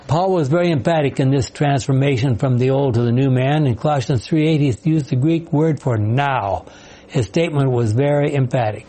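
A man's voice: medium pitch, moderate pace, mellow, rough recording. A man leading a Bible study class, asking questions, explaining passages and calling on members to read. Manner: questioning, explanatory, calls on readers.

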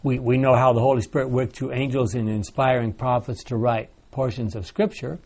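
A man's voice: mid-range voice, fairly even intonation, brisk, darkish tone. Guy running a bible study, asks questions, tells stories, lots of restarts. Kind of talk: group discussion leading.

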